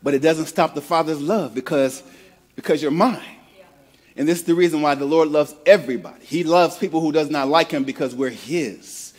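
A man's voice: a little high, normal speed. A male pastor from the American Midwest preaching a conversational sermon, often repeating words as he builds a point and prompting the congregation to repeat phrases back. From Midwest of the United States.

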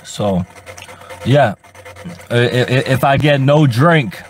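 A man's voice: medium pitch, takes it slowly, slight background noise. Male livestreamer in a parked car, fed up, swears a lot, stumbles and repeats words, mid-range voice. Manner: frustrated, profane, stammers and repeats words. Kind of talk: rambling live stream to chat.

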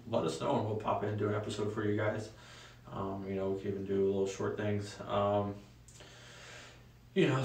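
A young adult man hosting a casual solo talk show, relaxed and rambling with frequent ums. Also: fairly low pitch. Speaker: host. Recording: echoey room, voice a bit far from mic.

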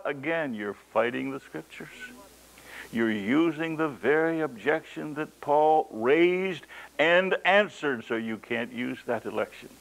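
A man's voice: a little high, a bit bright, poor audio. A man preaching a sermon, telling stories dramatically and reading scripture aloud, his voice rising for emphasis. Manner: dramatic storytelling, voice rises for emphasis; reads scripture in old King James wording.

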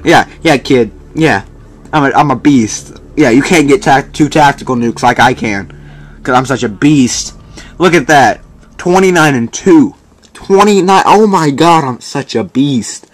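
A young man giving excited, boastful commentary while playing a shooter game. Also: mid-range voice, measured pace, no room sound. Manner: boastful, frustrated, exclaiming. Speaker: gamer narrating his match. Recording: faint gunfire from the game behind.

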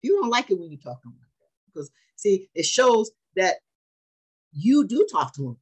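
A woman preaching a sermon at a middle pitch. She presses her points by repeating phrases and asking her listeners questions. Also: very animated, moderate pace, a little mellow, breathy edge, poor audio. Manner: emphatic, repeats phrases, asks the congregation questions.

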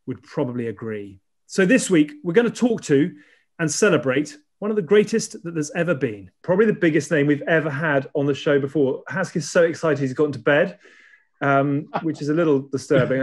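Man, podcast host, fairly high voice, rhetorical, emphatic, casual chat. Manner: rhetorical and emphatic, building lists. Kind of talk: scripted monologue, then casual chat.

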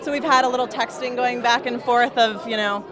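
A woman's voice: fairly high pitch, fairly even intonation, fairly quick, crowd noise. Modest joking woman reporter. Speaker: TV news reporter. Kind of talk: casual interview.

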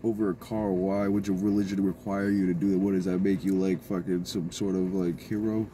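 Fast-talking young man arguing heatedly. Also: sits low, flat delivery, mellow, slight background noise. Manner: defensive, insistent, swearing, repeats himself. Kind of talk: heated casual argument.

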